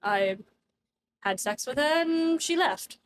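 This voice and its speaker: Tipsy callous noble rake, a woman doing the voice, drawling, offhand, unhurried, in a game session. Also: high voice, animated, slight background noise, pitched above the performer's own voice. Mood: smug.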